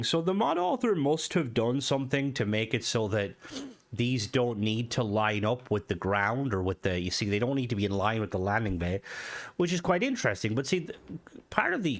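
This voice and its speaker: A man with a nasal, stuffy voice from hay fever, thinking aloud as he comments on a game. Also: fairly low pitch. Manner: rambling, thinking aloud with restarts. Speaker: gaming video host. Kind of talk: casual gameplay commentary.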